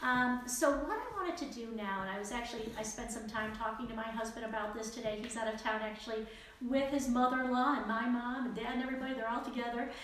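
A woman's voice: on the high side, a bit bright. A woman leading a casual Bible study, speaking earnestly and conversationally, with frequent fillers and restarts. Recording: very echoey room with faint noise.

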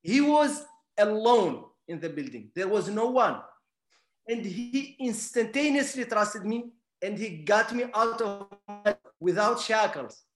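A man with a non-native English accent, telling a personal story in a halting way full of restarts. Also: high voice, animated, reverberant, faint music behind. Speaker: guest.

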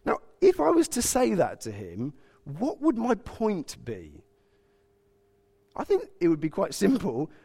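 A preacher in his thirties delivers a sermon with lively, swooping intonation. He tells personal stories with self-mocking humor, his voice sitting a little above average pitch. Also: a little slow. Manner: animated, humorous storytelling.

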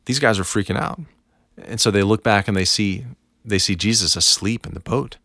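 A man co-hosting a devotional podcast, talking in a calm, reflective, unhurried way. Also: fairly low pitch, no room sound, clean studio sound. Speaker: podcast co-host.

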